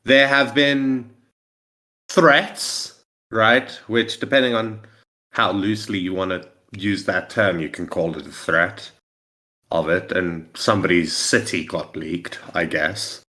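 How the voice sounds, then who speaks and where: A man's voice: low-pitched, steady tone, takes it slowly, bright, forceful tone. A man co-hosting a casual podcast, arguing his points emphatically. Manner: emphatic, argumentative. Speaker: podcast co-host and moderator.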